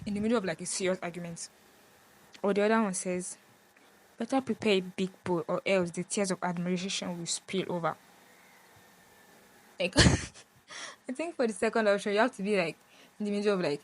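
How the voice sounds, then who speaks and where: Chatty woman vlogger, giggles a lot, lots of likes and ums, acts stuff out. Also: medium pitch. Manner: chatty and giggly, many fillers, acts out lines. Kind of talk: casual chat, reading lyrics aloud.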